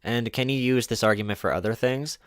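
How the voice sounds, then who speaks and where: A man's voice: medium pitch, fairly quick, fairly bright tone, smooth, dry recording, studio quality. Sarcastic man mocking a clip. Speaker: streamer reacting to a clip. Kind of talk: casual live-stream commentary.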